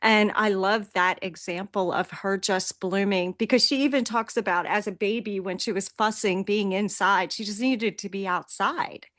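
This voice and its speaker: A woman's voice: medium pitch, normal speed, few pauses, fairly bright tone, no room sound, clean studio sound. Admiring podcast host woman. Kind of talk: casual chat.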